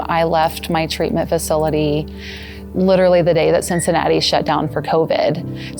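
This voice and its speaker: A woman in her thirties giving a personal testimonial, earnest and halting, with soft restarts. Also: low voice. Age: 30s. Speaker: former patient giving a testimonial.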